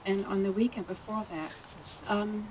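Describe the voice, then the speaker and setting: A woman giving an informal funeral eulogy, halting and with fillers. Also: mid-range voice, steady tone, background noise. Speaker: eulogy speaker, friend and landlord.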